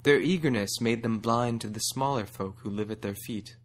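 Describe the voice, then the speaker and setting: A man's voice: medium pitch, normal speed, close to an everyday voice. A man voicing a small, clever male rabbit leader who speaks earnestly and formally. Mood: solemn.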